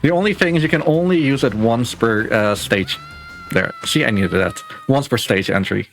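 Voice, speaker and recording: A man speedrunning a game on a live stream, explaining his moves in a relaxed, casual way with plenty of filler words. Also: mid-range voice, moderate pace. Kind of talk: casual live gameplay commentary. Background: game music.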